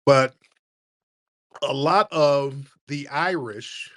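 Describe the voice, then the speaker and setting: A man's voice: mid-range voice, very slow, fairly bright tone, no echo. A man, hosting a call-in stream, speaks bluntly and argues hard with plenty of profanity. His voice sits in an ordinary middle range. It is recorded dry and close, with no room sound. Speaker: show host. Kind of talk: casual livestream talk.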